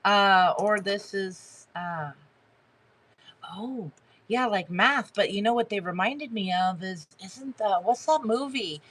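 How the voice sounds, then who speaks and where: A woman giving a live tarot reading to her chat, talking haltingly with many fillers and restarts and greeting viewers by name. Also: medium pitch, fairly bright tone. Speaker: tarot reader hosting a live stream.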